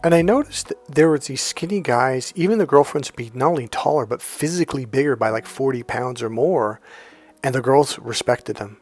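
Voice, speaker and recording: A man's voice: mid-range voice, moderate pace, darkish tone. A man working as a dating coach, telling a personal story as advice in a profane, emphatic way. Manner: profane, emphatic, repeats "here's the deal".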